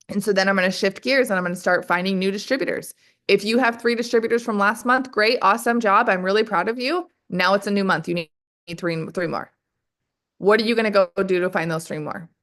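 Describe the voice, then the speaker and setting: Energetic woman sales trainer, mid-range voice, fires off rhetorical questions and keeps addressing the team directly. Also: mid-range voice, a little fast. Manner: energetic, keeps calling the audience "you guys". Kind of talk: motivational training call.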